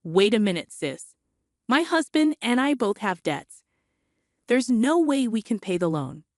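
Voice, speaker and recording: A shouting, indignant younger sister, voiced by a woman, her pitch swinging widely as she demands money. The delivery is close and dry. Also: big pitch swings, a little slow, no room sound. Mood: pleading.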